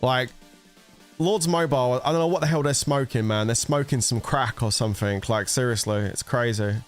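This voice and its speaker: A man's voice: medium pitch, normal speed, faint music behind. A man giving heated, profanity-laced commentary, exasperated and ranting about a mobile game. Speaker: gaming content creator.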